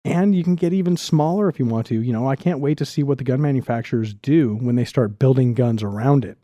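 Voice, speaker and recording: Man, middle-aged, enthusiastic, restarts often, warm mellow voice, dry close mic. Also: medium pitch, dry recording. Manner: enthusiastic, talks fast with restarts. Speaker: podcast guest. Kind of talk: casual podcast chat.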